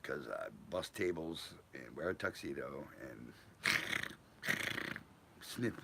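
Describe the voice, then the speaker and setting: Deep, gravelly, rambling man in his fifties. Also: lively intonation, slow, very noisy. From Newport. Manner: profane, rambling, wandering tangents. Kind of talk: rambling personal storytelling.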